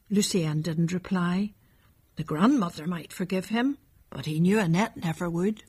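Husky woman reading a story. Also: lowish voice, unhurried, a little mellow. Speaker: narrator. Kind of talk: storybook narration.

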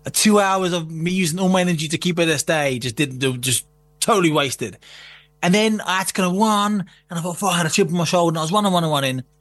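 A man telling a story in casual chat, animated and laughing, with plenty of swearing. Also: a little high, fast.

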